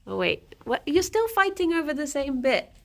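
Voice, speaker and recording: A woman's voice: high-pitched, big pitch swings, moderate pace, gravelly. A young woman chatting casually on a livestream at home, giggling and talking to her pet rabbits. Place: at home, indoors.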